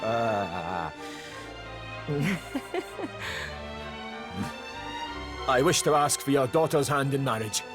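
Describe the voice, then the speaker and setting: A man's voice: mid-range voice, lively intonation, moderate pace, over music, pitched above the performer's own voice, lightly acted. A man voicing a shy, earnest young male knight who stammers nervously. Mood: flustered.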